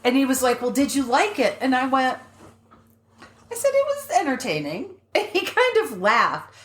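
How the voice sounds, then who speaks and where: A woman's voice: high voice, normal speed, reverberant, slight background noise. A woman co-hosting a podcast, telling stories in casual chat and swearing freely. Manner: animated storyteller, swears freely. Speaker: podcast co-host.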